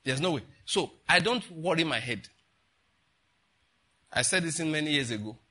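Older pastor, bright and husky; conversational sermon with many asides. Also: male voice, fairly high pitch, lively intonation, normal speed. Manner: conversational preaching with rhetorical questions and asides.

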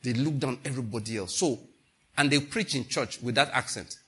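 A man's voice: medium pitch, a little fast, slightly rough. A male preacher delivering a sermon, telling stories and acting out quotes with laughter. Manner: animated, storytelling with laughter and acted-out quotes.

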